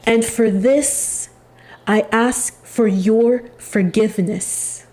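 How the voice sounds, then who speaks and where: A woman's voice: on the high side, fairly even intonation, warm tone. A woman channeling a remorseful, solemn penitent. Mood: pleading. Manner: slow, solemn, halting. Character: remorseful family member pleading for forgiveness. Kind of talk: channeled spiritual reading.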